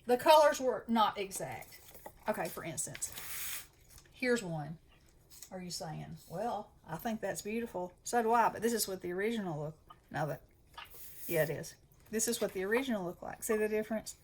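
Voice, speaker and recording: A woman's voice: mid-range voice, lively intonation, moderate pace, a little hiss or hum. A woman with a Southern US accent chatting enthusiastically as host of a craft channel. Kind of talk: casual chat.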